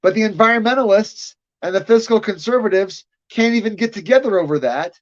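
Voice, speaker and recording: A man's voice: sits high, fairly quick. A man co-hosting a casual livestream chat, arguing his points rhetorically. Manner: argumentative, building points rhetorically. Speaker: podcast co-host. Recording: slightly dull lo-fi audio.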